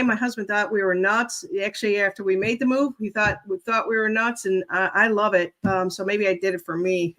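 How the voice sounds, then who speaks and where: A woman's voice: medium pitch, fairly bright tone. A woman chatting as a guest over a video call from her home, rambling and hesitant. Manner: rambling, hesitant, laughs easily. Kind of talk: casual interview chat.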